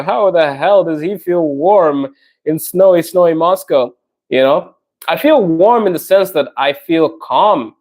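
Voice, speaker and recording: Young man, slightly high voice, chatty live-stream host reading out chat comments. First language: not Russian; learning Russian. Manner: friendly, chatty, laughs often, addresses viewers directly. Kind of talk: casual livestream chat.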